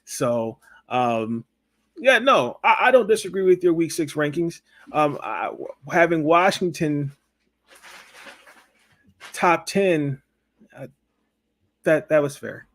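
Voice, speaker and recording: A man's voice: on the high side, big pitch swings, slow pace, long pauses, a bit bright. Hesitant male podcast host on video call. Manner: hesitant, repeats words, many fillers. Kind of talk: casual interview chat.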